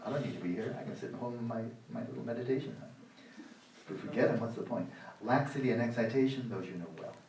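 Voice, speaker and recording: A man in his sixties giving a dharma talk at a meditation retreat, sarcastic and animated, acting out the inner voices of his students. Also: mid-range voice, fast. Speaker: meditation teacher. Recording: roomy hall, voice from the mic's distance.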